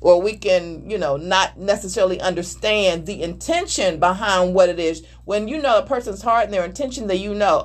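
A woman's voice: medium pitch, moderate pace, hardly any pauses, slight background noise. Earnest, emphatic middle-aged woman. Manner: earnest, emphatic, acts out voices mid-story. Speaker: married panelist discussing communication. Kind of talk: candid conversational talk.

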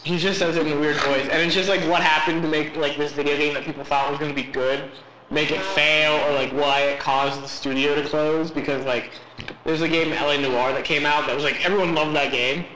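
A man's voice: fairly high pitch, fairly even intonation, brisk. A young man co-hosting a casual podcast, rambling and chatty with frequent laughs. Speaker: podcast co-host. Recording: echoey room with background noise.

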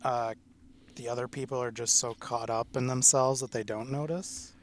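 A wry man chatting on a podcast in a mid-pitched voice. He explains his points with everyday examples. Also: fairly even intonation, moderate pace, slight background noise. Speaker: podcast co-host. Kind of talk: casual chat.

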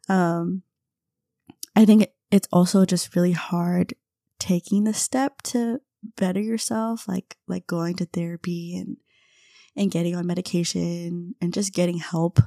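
A young woman hosting a podcast, telling a casual story with frequent laughs and quick impressions of her friends. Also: lowish voice, vocal fry, dark tone, dry recording, clean studio sound. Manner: chatty, laughs often, mimics friends in quotes. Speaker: podcast host.

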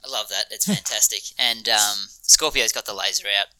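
A man's voice: fairly low pitch, moderate pace, sharp tone, no echo, rough recording. A man co-hosting a podcast, chatting enthusiastically about a TV episode, with frequent ums and laughter. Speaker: podcast co-host. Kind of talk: casual chat reviewing a TV episode.

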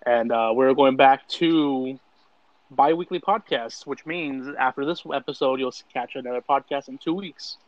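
A man's voice: mid-range voice, normal speed, no room sound, dull audio. A man co-hosting a podcast in casual chat, laid-back and loose as he runs through the episode. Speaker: podcast co-host.

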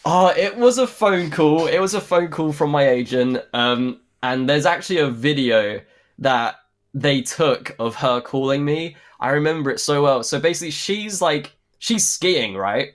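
A man's voice: medium pitch, lively intonation, normal speed. A young man, an actor, chatting in an interview, rambling with lots of fillers and restarts. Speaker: actor guest. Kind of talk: casual interview chat.

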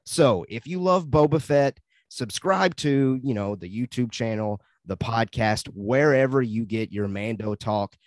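In this dry recording, a man with a medium-pitched voice hosts a podcast with an easygoing, cheerful energy. He laughs often and makes quick transitions, steering the casual conversation toward what's next.

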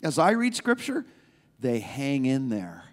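A man's voice: medium pitch, wildly swooping pitch, measured pace. A male pastor preaching a sermon in a conversational, emphatic way, repeating key phrases. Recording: long reverb of a large hall.

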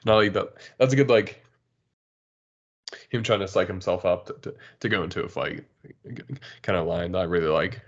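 A very low-voiced man chats easily, laughing often and sounding keen. The sound is muffled and lo-fi, like a simple podcast recording. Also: normal speed, pauses often. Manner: laughs a lot, relaxed, enthusiastic. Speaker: podcast co-host. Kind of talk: casual chat about comics.

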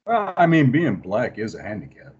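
A man's voice: mid-range voice, huge pitch swings, moderate pace, slightly rough. A man co-hosting a casual podcast, cracking punchline jokes, heard through a dull lo-fi remote mic. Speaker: podcast co-host. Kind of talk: casual crude chat.

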